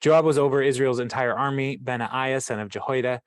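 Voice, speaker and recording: A man's voice: mid-range voice, steady tone, fairly quick, clean tone, dry recording. Chatty male Bible-study host, mid-range voice, laughs and digresses, close dry recording. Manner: chatty, laughs often, wanders off-topic. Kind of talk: casual scripture reading with commentary.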